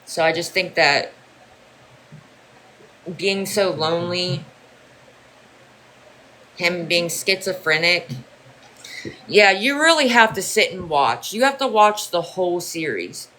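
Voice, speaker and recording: A man's voice: sits high, lively intonation, takes it slowly, pauses often, pushed and bright, slight background noise, rough recording. A man hosting a livestream, chatting casually and bluntly with viewers, swearing freely and trailing off with fillers. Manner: blunt and profane, with loose fillers. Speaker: livestream host.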